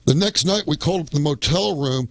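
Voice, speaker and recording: A man's voice: on the high side, a little fast, no echo. A man, a guest on a radio business show, telling a long story in a casual, rambling way and often coming back with "well, anyway".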